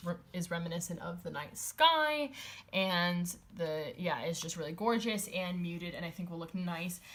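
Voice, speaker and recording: A woman's voice: fairly low pitch, animated, normal speed, a bit bright. Chatty woman rambling through a haul. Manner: chatty and rambling, many fillers and restarts; enthusiastic, gushing over items. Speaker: vlogger showing a stationery haul. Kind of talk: casual chat.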